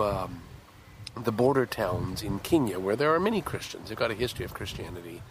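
Agitated low-voiced man. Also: a little hiss or hum. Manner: angry, agitated, halting with restarts. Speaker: show host. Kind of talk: impassioned solo monologue.

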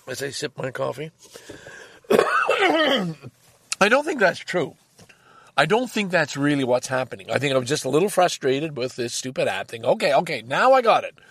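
An older man tells a long story in a casual, rambling way, exasperated and quick to swear. His voice sits a little high for a man and swings widely in pitch. The sound is dry and close, with no room around it. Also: very animated, fairly bright tone, slightly rough, dry recording. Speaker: vlogger.

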